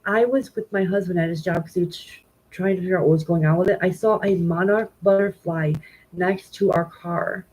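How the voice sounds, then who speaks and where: A woman's voice: on the low side, steady tone, a little fast, darkish tone, breathy edge, rough recording. Tearful woman tarot reader. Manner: emotional, talks directly to viewers. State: tearful, grieving. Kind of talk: live tarot reading stream.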